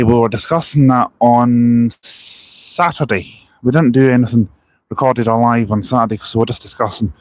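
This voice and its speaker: A man's voice: medium pitch, no room sound. A man with a sore throat chatting casually on a phone live stream outdoors by a bus station, rambling and reading out viewer comments.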